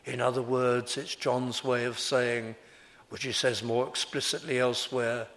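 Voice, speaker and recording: A man preaching an expository sermon, slow and emphatic, rising dramatically when he quotes. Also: medium pitch, fairly bright tone.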